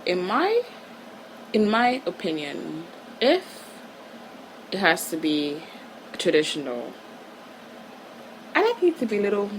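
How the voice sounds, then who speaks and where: Fast-talking, giggly woman from Nigeria. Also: low-pitched, slight background noise, low-quality recording. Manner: rambling, giggly, self-correcting, rushed; sometimes drops to hushed tones. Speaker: podcaster. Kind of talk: casual solo podcast monologue.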